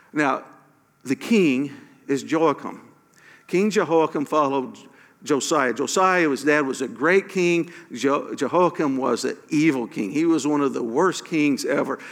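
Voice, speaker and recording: A man preaching a sermon as pastor, animated, acting out quoted prayers with emphatic questions. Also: mid-range voice, in a large hall.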